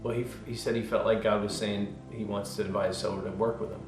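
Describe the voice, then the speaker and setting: Animated storytelling pastor, roomy echo. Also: male voice, on the low side, fast talker, music in the background. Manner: animated storyteller, swings from loud to hushed. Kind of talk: casual testimony interview.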